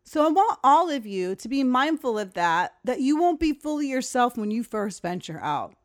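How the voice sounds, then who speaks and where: Young woman host, casual podcast-style storytelling, frank and animated, slightly high voice. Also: moderate pace. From Long Island, New York. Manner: candid, profane, animated retelling with quoted voices.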